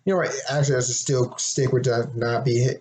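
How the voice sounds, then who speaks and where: Casual young man, a little hoarse. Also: mid-range voice, fairly even intonation, fairly quick, darkish tone, a little hiss or hum, rough recording. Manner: rambling, with many restarts and throat clearing. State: a little hoarse, throat getting sore. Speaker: fan presenting his game concept. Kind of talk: casual unscripted monologue.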